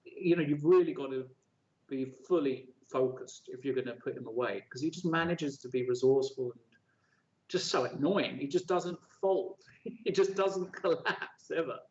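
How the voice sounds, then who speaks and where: A man's voice: mid-range voice, normal speed, a little mellow. A man co-commentating chess on a live stream, friendly and teasing in an easygoing way. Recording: dull lo-fi stream audio.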